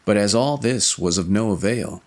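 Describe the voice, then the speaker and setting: A man narrating a fairy tale in an expressive storybook reading. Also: fairly low pitch, moderate pace.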